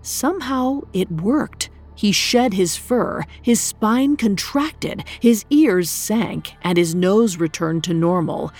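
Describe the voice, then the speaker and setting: A woman telling a myth in scripted, measured, dramatic narration. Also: mid-range voice, animated, a little mellow, soft background music. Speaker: storyteller.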